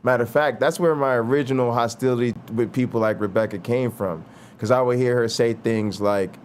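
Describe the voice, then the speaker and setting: Animated man telling stories in casual chat. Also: medium pitch, a little fast, a little hiss or hum. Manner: animated storyteller, lots of "like" and "you know". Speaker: host. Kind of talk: casual conversation.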